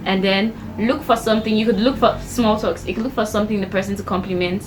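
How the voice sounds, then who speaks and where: A young woman talks straight to her viewers, giving practical tips in a chatty, conversational way. She keeps slipping into short quoted exchanges to act out her points. Her voice sits at a middle pitch, with a faint hum of noise behind it. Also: steady tone, quick pace, hardly any pauses, poor audio. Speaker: vlogger giving self-improvement tips. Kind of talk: casual talk-to-camera advice.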